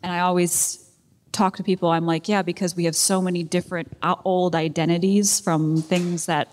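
A woman speaks up from the audience, working through her question as she goes, with many fillers. Her voice sits slightly low for a woman. The hall adds a long reverb tail. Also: little pitch movement, normal speed, darkish tone. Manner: rambling, thinking aloud with many likes. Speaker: audience member. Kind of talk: audience question at a live event. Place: event hall.

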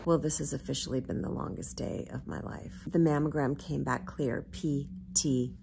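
Woman in her fifties, low voice, gravelly fry, chatty vlog host, open and joking, faint background hiss. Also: fairly even intonation, normal speed. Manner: chatty and open, mixing faith talk with jokes. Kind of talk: casual confessional chat.

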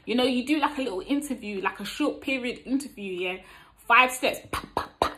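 A woman's voice: a little high, fairly quick, poor audio. A young woman with an East London accent gives dating advice in a casual vlog, acting out both sides of conversations and using plenty of street slang. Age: young adult. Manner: animated, acts out both sides of chat-up lines; street slang, tag questions like "you get me?". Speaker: vlogger giving dating advice.

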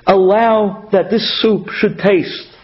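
A man's voice: high-pitched, steady tone, slow pace, muffled recording. A man quoting a poor humble wife of a water carrier, in an earnest, pleading tone.

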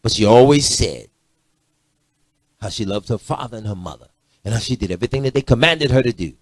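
A middle-aged man preaching a sermon, swinging from loud emphatic lines to low muttered asides. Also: animated, fairly quick, no echo. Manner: preachy, rising to shouts and dropping to low asides.

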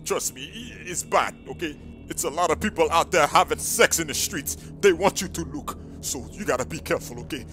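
Man as a nervous blindfolded cop, bright voice, soft music behind. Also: a little high, expressive, a little fast. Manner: pleading, nervous, chatty. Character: jittery blindfolded cop seeking shelter.

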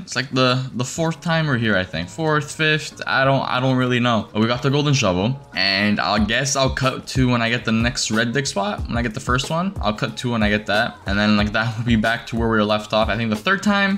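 A young man giving casual commentary over his game, excitable and swearing, breaking into shrieks when he finds something. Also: medium pitch, fairly quick, hardly any pauses. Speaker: gaming streamer.

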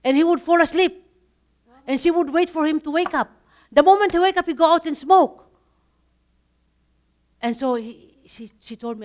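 A woman's voice: high-pitched, animated, moderate pace. A woman leading a Bible study talk, telling personal stories earnestly and laughing now and then.

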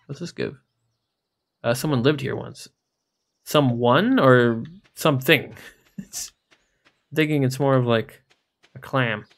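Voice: medium pitch, slow pace, long pauses. A game streamer making casual, jokey, rambling commentary while playing. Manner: jokey, rambling, laughs often.

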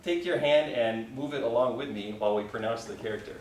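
A man's voice: mid-range voice, a little fast, background noise. A man teaching a Mandarin class, patiently leading students through repeat-after-me drills and encouraging them often. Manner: patient, encouraging, frequent "okay" checks. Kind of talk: classroom language lesson, call and response. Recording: echoey room, recorded from far off.

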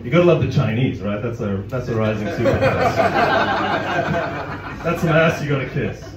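A man's voice: mid-range voice, lively intonation, moderate pace, heavy background noise. A man performing a stand-up comedy set in a club, chatty, breaking off with apologetic asides. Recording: roomy, distant, dull audience recording. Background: audience laughter.

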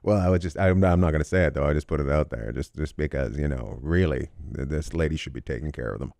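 A man's voice: a bass voice, fast, creaky, mellow, dry recording. A man guesting on a comedy podcast, joking, laughing a lot and swearing freely. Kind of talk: casual comedy podcast chat.

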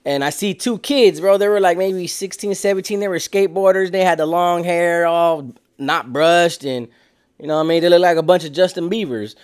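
A man in his twenties tells a story in loose slang, lively and a little higher-pitched than most men. He throws in sound effects and acts out the other people as he goes. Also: moderate pace, smooth. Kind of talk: casual storytelling.

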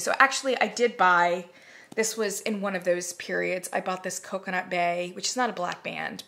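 A woman chatting casually to camera as she reviews candles, animated, now and then dropping to a whisper. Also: medium pitch. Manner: chatty, animated, swearing, drops into whispers and mock voices.

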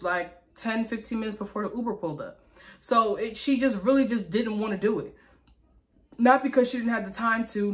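A woman's voice: mid-range voice, a bit bright. A young woman, venting heatedly in a casual vlog, emphatic and profane, repeating herself for emphasis. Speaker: vlogger.

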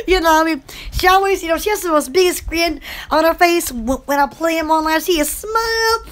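A woman from Alabama, hosting a casual live stream and chatting in an excitable, rambling, gushing way. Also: very high voice, a little fast. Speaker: livestream host.

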